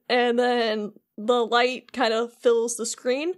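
On a podcast, a young female co-host with a slightly high, clean-toned voice recaps a video game at an unhurried pace. She's animated and chatty, and her casual speech is loaded with fillers like "like."

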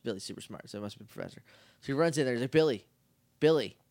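A man co-hosting a podcast, chatting casually and acting out scenes from an episode in quick bits. He laughs a lot. His voice is mid-pitched and recorded dry and close. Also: no room sound. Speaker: podcast co-host. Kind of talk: casual recap chat.

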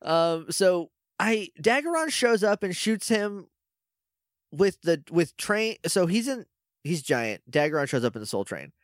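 In a dry, studio-quality recording, a high-pitched man speaks at a measured pace. He co-hosts a podcast, chatting animatedly through an episode recap and playing the characters in goofy voices.

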